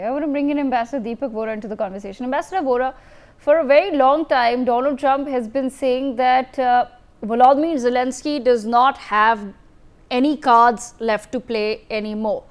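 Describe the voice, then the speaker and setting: A woman news anchor moderating a live panel, asking brisk, formal questions. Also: on the high side.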